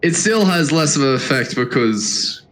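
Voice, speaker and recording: A man's voice: fairly high pitch, lively intonation, normal speed, fairly bright tone, rough recording. Hesitant man in casual chat. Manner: hesitant, restarts. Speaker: panelist.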